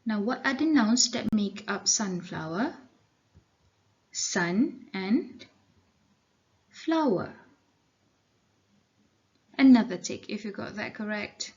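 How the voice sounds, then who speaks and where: A woman's voice: mid-range voice, lively intonation, slow, pauses often, dull audio. A woman teacher with a Malaysian accent giving a recorded English lesson to children, explaining patiently and mixing in Malay words. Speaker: primary school English teacher.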